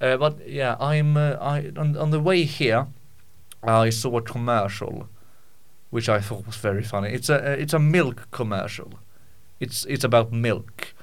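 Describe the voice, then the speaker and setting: Brief: male podcast host, mid-pitched, casual comic rant, stumbles and restarts a lot. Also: fairly even intonation, unhurried, smooth. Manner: rambling, with many restarts and stammered repeats; jokey, mock-indignant.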